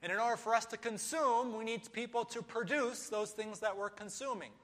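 A man's voice: very high-pitched, fairly even intonation, fairly quick, a bit bright. A man preaching a sermon, emphatic, with rhetorical questions and repetition. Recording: echoey hall.

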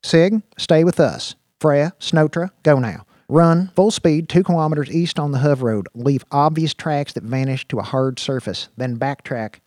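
A man's voice: fairly high pitch, unhurried, hardly any pauses, a little mellow, no room sound, clean studio sound, lightly acted. A man voicing a folksy, commanding dog handler. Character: William, a rugged man leading cyborg dogs.

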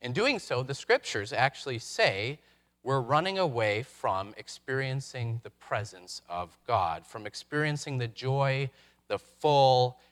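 A man's voice: medium pitch, sing-song, a bit bright. Reflective male pastor preaching. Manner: reflective, with dramatic pauses and rhetorical questions. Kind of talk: sermon.

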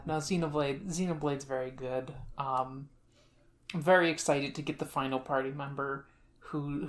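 A woman in a casual chat about video games, animated and acting out character lines between laughs. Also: deep voice.

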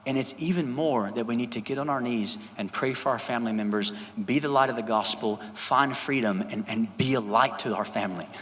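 Bright-voiced male pastor preaching in a hall. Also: mid-range voice, fairly quick, few pauses, slight background noise. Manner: conversational, animated, asks the congregation for responses. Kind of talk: sermon. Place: church sanctuary. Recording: reverberant church hall with faint ambience.

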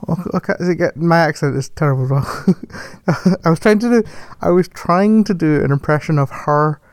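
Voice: mid-range voice, normal speed, a little mellow, no echo. A person chatting casually about a film, rambling, correcting themselves and laughing often. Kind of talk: casual film review chat.

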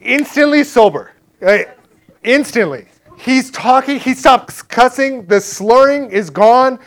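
Speaking in a very high-pitched, animated voice, a man tells his faith testimony in a casual, chatty way. He sprinkles in plenty of "like" and "right?" and acts out others' lines in rapid back-and-forth.

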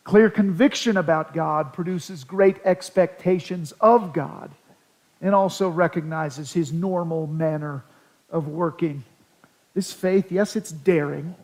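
A man with a high, light voice preaches an earnest sermon. He reads scripture aloud and lifts his voice dramatically when voicing pleas. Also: takes it slowly, a little mellow, poor audio. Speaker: pastor.

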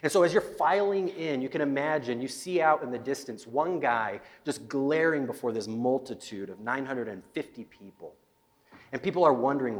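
A man preaching at a middle pitch, his voice carrying a long echo through a large hall. He tells a Bible story with lively storytelling and often repeats words on the way. It sounds like a live church sermon. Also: moderate pace. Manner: storytelling, acting out biblical scenes, frequent repeated words. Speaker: pastor.

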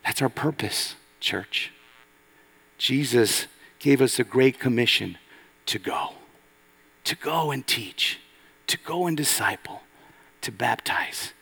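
A man pastor preaching a sermon, swinging between loud emphatic lines and hushed, low passages. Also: expressive, takes it slowly, gravelly, long pauses, breathy edge. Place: church sanctuary.

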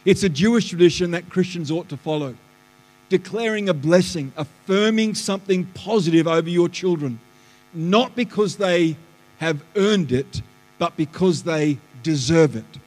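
A man, a pastor preaching a lively sermon that swings between loud bursts and hushed asides, in a church auditorium. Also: sits high, moderate pace, faint music behind. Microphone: live stream stage mic. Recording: live church hall reverb.

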